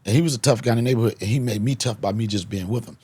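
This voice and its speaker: A man from the Washington, D.C. area hosting a podcast, telling a comic story with loud punchlines and bursts of laughter. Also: medium pitch, rapid-fire, noisy background. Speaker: podcast host, comedian.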